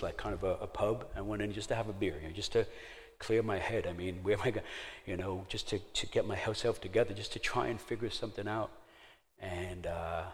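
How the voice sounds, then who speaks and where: A middle-aged man telling a personal testimony in a sermon, laughing at himself and then going hushed and prayerful. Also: on the low side. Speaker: speaker sharing a testimony. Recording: long hall reverb.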